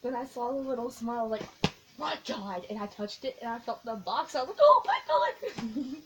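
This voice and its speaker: A woman's voice: on the high side, brisk, rough recording. Giggly young woman telling a rambling story. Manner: giggly, excitable, rambling storytelling with frequent laughs. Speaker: vlogger. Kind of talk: casual storytelling vlog. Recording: faint background noise.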